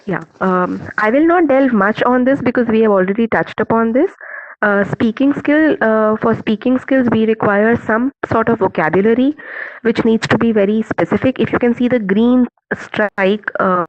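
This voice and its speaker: A woman with an Indian accent giving an online teacher-training talk, measured and earnest, with many fillers and restarts. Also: on the high side, no room sound. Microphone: video call. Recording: dull lo-fi call audio.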